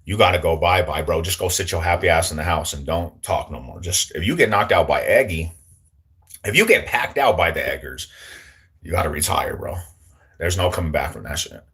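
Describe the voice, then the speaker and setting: Deep-voiced slangy young man chatting. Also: expressive, fairly quick, a bit bright. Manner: slangy, joking, greets chat viewers. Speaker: livestream host. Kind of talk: casual livestream chat.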